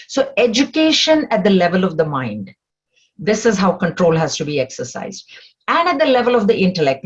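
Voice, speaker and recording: A woman's voice: mid-range voice, slightly rough, muffled recording. A woman teaching a spiritual scripture class, explaining step by step and asking rhetorical questions.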